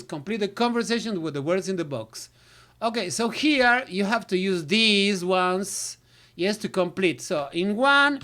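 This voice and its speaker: A woman's voice: mid-range voice, a bit bright. Lady teacher going thru exercises, la la ba ba fillers, easygoing. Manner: filler syllables, switches to Spanish. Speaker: English teacher. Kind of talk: recorded lesson walkthrough.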